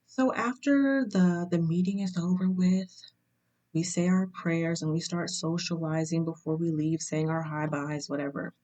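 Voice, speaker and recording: Young woman doing a storytime vlog, low voice, takes her time, keeps asking "right?". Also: steady tone, warm tone, dull audio. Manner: measured, unhurried storytelling with frequent "right?" asides. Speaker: channel host telling a personal story.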